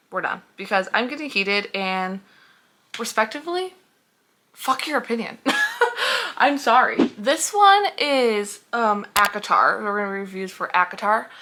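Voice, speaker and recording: Bright-voiced young woman ranting about books. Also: mid-range voice. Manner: heated, sarcastic, swears freely. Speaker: book reviewer. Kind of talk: casual reaction vlog.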